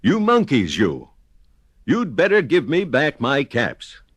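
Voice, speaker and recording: A man's voice: high voice, very animated, very slow, fairly bright tone, clear, resonant tone, no room sound, pitched above the performer's own voice, exaggerated voice. A man voicing an exasperated grown peddler who scolds and insists in a storybook recording. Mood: scolding. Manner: scolding, finger-wagging, insistent.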